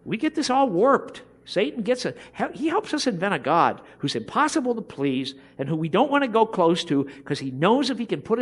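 A middle-aged man delivers a passionate sermon. His voice sits high for a man and ranges widely as he builds to emphatic points. He acts out the voices of people he quotes along the way. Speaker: preacher.

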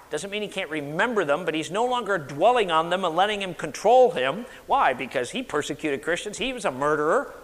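Male pastor, emphatic call-and-response sermon, high lively voice, reverberant sanctuary. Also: fairly quick. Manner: emphatic, leads congregation in call-and-response repetition. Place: church sanctuary. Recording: long hall reverb.

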